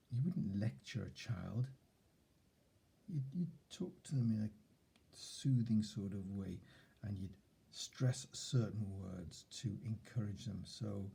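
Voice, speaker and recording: Slow, gravelly, dark-voiced man. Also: lowish voice. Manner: thoughtful, recaps and demonstrates tones of voice. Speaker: self-help teacher. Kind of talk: relaxed instructional talk.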